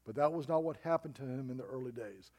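A man's voice: mid-range voice, fast, darkish tone. A middle-aged man preaching a sermon as pastor, telling a story with emphatic rises and drops.

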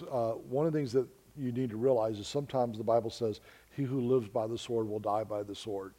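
A preacher and missionary from the United States speaks in a mellow, mid-range voice, earnestly telling stories to the congregation. He calls his listeners folks in this storytelling sermon.

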